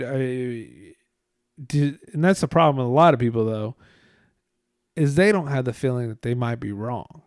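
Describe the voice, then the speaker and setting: A man's voice: mid-range voice, darkish tone, no echo. Guy rambling on, lots of cussing and filler, tired, dry close sound. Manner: rambling, profane, frequent fillers. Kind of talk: casual rambling monologue.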